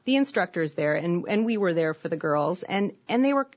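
A woman with a Wisconsin accent chatting casually as a guest, playful and animated, laughing often. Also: fairly low pitch, a little fast. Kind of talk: casual chat. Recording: dull, muffled audio.

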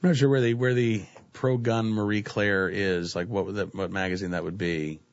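Male talk host, lowish voice, casual rambling delivery, muffled lo-fi sound. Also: normal speed. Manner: relaxed, filler-heavy, says "uh, you know" often. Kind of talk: casual talk radio chat, reading news stories. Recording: dull lo-fi recording.

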